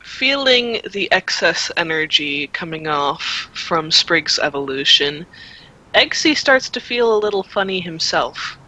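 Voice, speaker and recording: A player at a tabletop role-play session speaks very slowly, pausing often and hesitating. The voice has a bright, forward tone. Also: mid-range voice, big pitch swings, dull audio. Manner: hesitant, many pauses. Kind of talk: casual table talk and narration.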